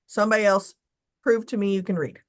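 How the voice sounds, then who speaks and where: A woman runs a committee meeting over a video call at a middling pitch. She talks briskly and casually. She is blunt and now and then drops a swear word. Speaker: search committee chair.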